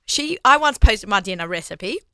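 A woman's voice: medium pitch, animated, moderate pace, pushed and bright, clear, resonant tone, no echo, studio quality. An Australian woman hosting a casual podcast chat, chatty and self-deprecating, laughing often. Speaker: host.

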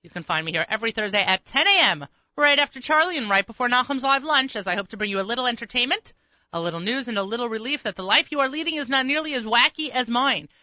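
A radio host, a woman who chats in a rambling, storytelling way with plenty of quick asides. Her voice is bright and forceful, recorded dry in a studio with a slightly muffled top end. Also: fairly high pitch, expressive, no echo. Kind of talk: casual radio chat.

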